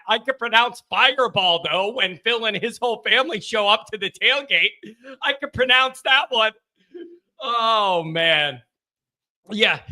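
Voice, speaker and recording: A man's voice: high voice, sharp tone. A man hosting a live sports call-in stream, chatting casually from a home studio, rambling and joking with his chat viewers.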